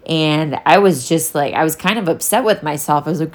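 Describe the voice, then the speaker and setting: A young woman with a low voice talks straight to camera in a casual solo vlog. She rambles candidly, circling back on her thoughts and swearing freely. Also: normal speed, hardly any pauses. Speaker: vlogger.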